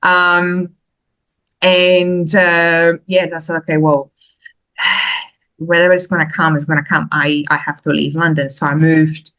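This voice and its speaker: A woman from Slovakia speaks English, her voice sitting a little low for a woman. She tells her story as a podcast guest in a casual, animated way, breaking into laughter often. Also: takes it slowly, low-quality recording.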